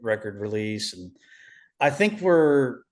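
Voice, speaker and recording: A man, a musician guest in a casual interview, talking haltingly with many restarts. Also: mid-range voice, sing-song, a little mellow.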